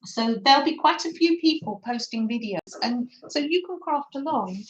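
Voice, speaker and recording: Craft-stream host: a woman with a bouncy, high-ish voice, unhurried chatter and quick self-mocking laughs, heard in a roomy, slightly muffled home recording. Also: animated. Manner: rambling, self-mocking, laughs often, coos at her dog. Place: home craft room with door open. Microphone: streaming camera on the table.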